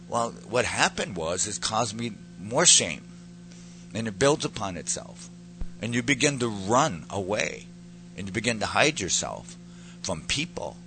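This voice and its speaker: A man's voice: on the low side, background noise. A man giving an earnest personal testimony that turns into preaching, building to emphatic peaks as he speaks to a pastor.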